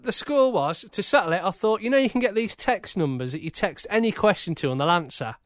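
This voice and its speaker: A man's voice: high voice, expressive, fairly quick. Chatty Geordie man hosting a podcast. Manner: chatty, matey, laughs often. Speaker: podcast host. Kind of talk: casual chat.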